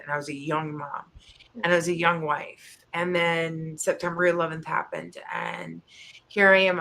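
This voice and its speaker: A woman in her thirties co-hosting a chat show, talking openly and emotionally with halting restarts. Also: on the low side, pushed and bright. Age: 30s. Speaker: co-host. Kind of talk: candid personal chat.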